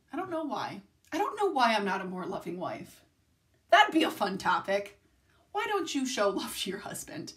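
Young woman, home vlog, rambling tangents, frequent swearing, very animated pitch. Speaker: vlogger. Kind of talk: casual confessional vlog. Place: home room, filmed at night.

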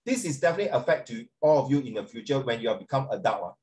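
A man's voice: medium pitch, big pitch swings, very fast, darkish tone. A middle-aged man, teaching a class in a rambling, chatty way, switching into Mandarin and calling on students by name. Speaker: secondary school English teacher. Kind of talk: classroom lecture, talking off the cuff.

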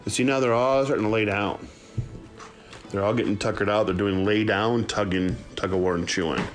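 A man who breeds dogs, chatting casually to viewers while filming his puppies at play and often cooing to them in a high voice. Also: steady tone, fairly quick, faint music behind. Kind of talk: casual running commentary to viewers.

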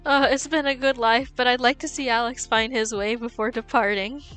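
A woman's voice: fairly high pitch, steady tone, moderate pace, a bit bright, faint music behind, natural voice. Woman doing a doting little old grandma. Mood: tender. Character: sweet elderly grandmother comforting her husband.

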